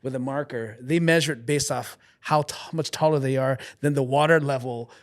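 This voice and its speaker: A Canadian-raised man, a guest comedian, chatting and telling animated stories on a podcast. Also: medium pitch, fairly quick. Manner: animated storyteller, slips into mock accents. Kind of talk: casual podcast chat.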